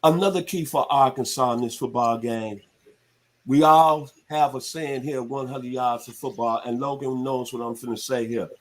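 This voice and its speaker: A man's voice: mid-range voice, steady tone, normal speed. A man in his sixties from the Southern United States, hosting sports talk radio in a laid-back, folksy way. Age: 60s.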